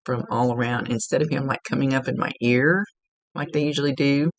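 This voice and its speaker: Woman medium, gravelly husky voice with dry close sound, rambling and self-correcting, at times half-whispered. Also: rumbling low, fairly even intonation, brisk, no echo, poor audio. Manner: rambling, self-correcting, laughs at own slips. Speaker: psychic medium. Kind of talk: spirit reading.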